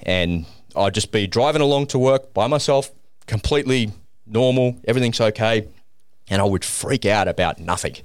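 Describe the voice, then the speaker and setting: Low-voiced man telling a personal story. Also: normal speed, no room sound, studio quality. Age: middle-aged. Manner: animated, acts out the voices in his story. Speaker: podcast guest.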